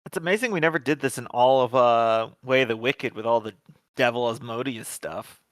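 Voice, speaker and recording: A man's voice: medium pitch, fairly quick, a bit bright, dry recording. Man joking as a tabletop player. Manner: dry, joking. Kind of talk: casual tabletop play.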